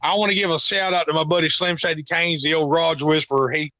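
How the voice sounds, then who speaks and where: A man's voice: a little high, steady tone, fast, sharp tone. A man guesting on a podcast, telling rambling stories with a lot of profanity in casual chat.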